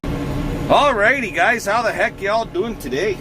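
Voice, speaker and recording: A man hosting a farm channel talks casually for a vlog in a mid-range voice, laid-back and rambling with drawn-out filler words. He's outside on his farm in and around machinery, and engine and outdoor noise fill the noisy recording.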